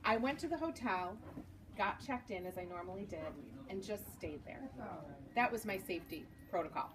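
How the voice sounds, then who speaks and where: A woman in her forties, an author, gives a storytelling talk to a live audience in a bookstore event space, acting out the lines she quotes and laughing at herself. Her medium-pitched voice has lively intonation at a normal speed. A distant mic picks up noticeable background noise.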